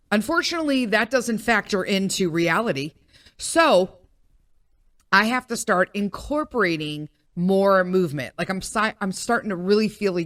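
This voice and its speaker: A woman's voice: medium pitch, a bit bright, no room sound, studio quality. A middle-aged woman hosting a podcast, talking in a candid, profane and rambling casual monologue. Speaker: podcast host.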